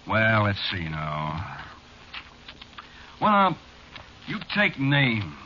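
An actor playing a teasing, sinister bartender who drawls in slang, in old-time radio drama style. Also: male voice, lowish voice, huge pitch swings, extremely slow, exaggerated voice. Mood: sly. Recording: dull, faintly hissy old radio recording.

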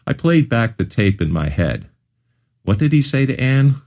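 A man's voice: mid-range voice, big pitch swings, normal speed, darkish tone. A man narrating his own memoir as an audiobook, telling it earnestly in the first person.

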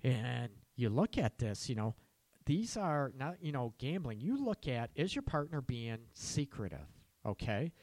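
A counselor talking straight to his listeners in a blunt, cursing way, with sharp emphasis on key words. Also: mid-range voice, sing-song, measured pace, dry recording. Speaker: relationship counselor. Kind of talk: casual advice monologue.

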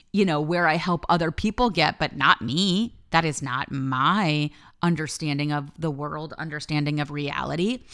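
A woman's voice: deep voice, smooth. A woman life coach hosting her podcast, giving a candid, reflective personal monologue and swearing freely.

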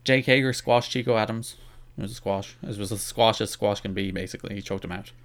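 A man's voice: fairly low pitch, quick pace. A man co-hosting a casual wrestling podcast, rambling and self-deprecating with lots of restarts. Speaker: podcast co-host.

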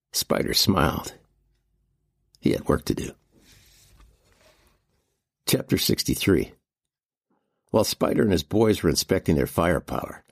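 Deep raspy guy reading a crime audiobook, husky, dry sound. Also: a little mellow, no room sound. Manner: gritty crime narration. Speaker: audiobook narrator. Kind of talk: scripted narration.

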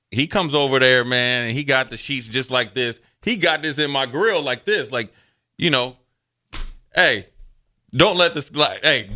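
A man on a sports talk show spins loose, chatty stories from his playing days. His voice is bright and forceful at a middle pitch, and he jumps into the voices of coaches and teammates as he tells it. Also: clean tone. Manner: animated storyteller, acts out quotes, loose and chatty. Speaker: sports radio co-host, former NFL player. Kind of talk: casual sports talk storytelling.

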